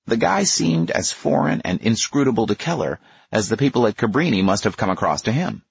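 Husky low-voiced male narrator. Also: sing-song, brisk, no room sound, highs cut off. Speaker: audiobook narrator. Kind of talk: nonfiction audiobook narration.

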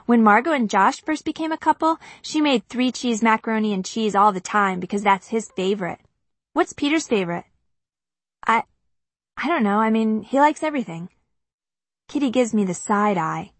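A woman narrating a first-person audiobook in a conversational, lightly expressive way. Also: on the high side, normal speed, no room sound.

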